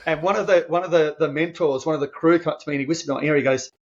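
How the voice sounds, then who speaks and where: A man's voice: a little high, very fast, dull audio. A man, a podcast guest telling a personal story in an earnest, emotional way and often restarting his phrases. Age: 50s. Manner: earnest, emotional, restarts phrases, animated when quoting himself.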